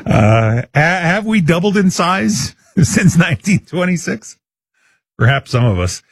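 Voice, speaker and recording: A man's voice: high voice, big pitch swings, a little slow, slightly rough, dry recording, studio quality. A man hosting a live call-in radio quiz show, chatty and upbeat, taking listener guesses. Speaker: radio talk show host.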